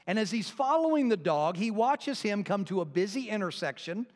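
A man's voice: high-pitched, big pitch swings, normal speed, long reverb tail. A male pastor telling a folksy joke and making announcements before his sermon in a church. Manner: folksy storytelling, casual asides. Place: church sanctuary.

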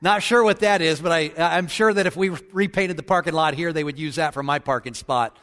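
A male pastor delivers a sermon in a folksy, joking manner that turns solemn when he prays. His voice sits fairly high. It rings out with a long reverb in a church sanctuary. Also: fairly quick, a bit bright.

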